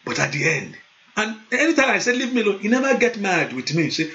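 A male pastor preaching a sermon, moving into loud fervent prayer and speaking in tongues. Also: sits high, big pitch swings, fast talker, a little hiss or hum. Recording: dull lo-fi sound.

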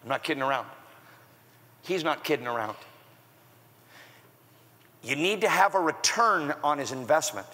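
A male pastor preaching an animated sermon, acting out the scripture with raised shouts. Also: fairly high pitch, normal speed, long pauses. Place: large church hall with long reverb. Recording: live sermon in reverberant church hall.

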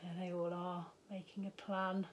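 A woman primary school teacher reading a picture book aloud to young children, gently pausing for asides about the pictures. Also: fairly low pitch, level tone, noisy background.

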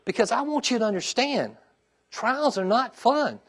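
A middle-aged male pastor preaching a sermon, checking in with the congregation with "okay?" and "amen?" and dropping to a quiet, heartfelt tone when he talks about his own trials. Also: extremely high pitch, big pitch swings, moderate pace, slightly rough.

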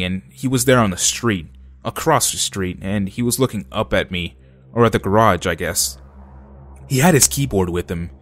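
A man narrating scary true stories in a steady, low-key way.

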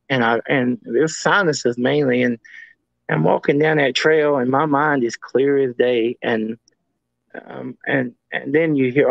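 A man's voice: medium pitch, creaky, no room sound. A man as a guest, telling stories in a rambling casual way and often repeating himself. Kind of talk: casual storytelling. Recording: dull lo-fi audio.

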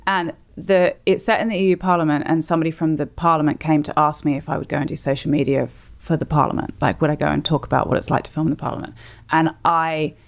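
Low-voiced self-deprecating woman in her thirties. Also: steady tone, gravelly. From Australia. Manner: rambling, self-deprecating, quick asides. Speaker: comedian guest. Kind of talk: casual podcast chat.

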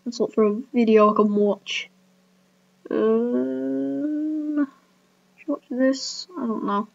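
A woman's voice: a little high, steady tone, slow pace, creaky, highs cut off. A woman giving casual reaction commentary as a gaming YouTuber, who keeps exclaiming, cringing and laughing at herself.

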